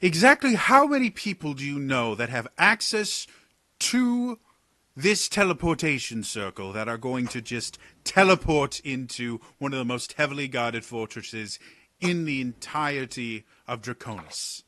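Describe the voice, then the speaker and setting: A man's voice: medium pitch, animated, a little slow, pushed and bright, dry recording, voice pushed up. A man voicing a cheeky male mage who teases others and sighs theatrically. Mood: exasperated. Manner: playful, mock-exasperated, theatrical sighs.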